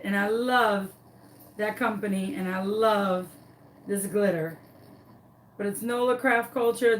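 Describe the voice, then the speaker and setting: A woman's voice: medium pitch, distant mic, a little hiss or hum, poor audio. A woman, a crafting vlogger telling a dramatic story while she works on a craft tutorial.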